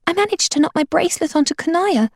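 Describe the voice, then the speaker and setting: A woman reading aloud, voicing an anxious teenage girl who sounds breathless and high-pitched. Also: animated, fast talker, no echo, clean studio sound. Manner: breathless and tearful.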